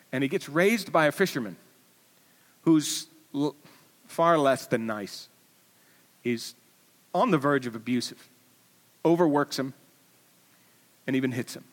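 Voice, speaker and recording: Animated male preacher in a reverberant hall. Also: on the high side, takes it slowly, pauses often. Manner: animated storyteller, swinging from loud to hushed. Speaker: pastor. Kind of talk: Easter sermon. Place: church auditorium.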